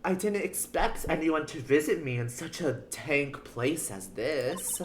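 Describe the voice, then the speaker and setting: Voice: medium pitch, expressive, slow, a bit bright, slight background noise, pitched above the performer's own voice. A streamer voicing a rude, scornful young woman witness in a game, reading the lines aloud with taunting, sneering insults.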